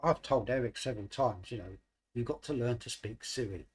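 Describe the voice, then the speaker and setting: A man's voice: medium pitch, fairly quick, husky. Middle-aged london guy rambling on a stream, london accent, plain mid voice, loads of uhs. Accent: London English. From London, England. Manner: rambling, hesitant with many fillers. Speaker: livestream host. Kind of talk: casual chat.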